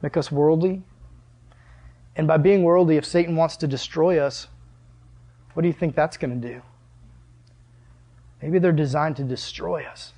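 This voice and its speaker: A man's voice: fairly high pitch, steady tone, measured pace, long pauses, dark tone. A young man preaching a sermon in an earnest, conversational way, full of rhetorical questions. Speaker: pastor.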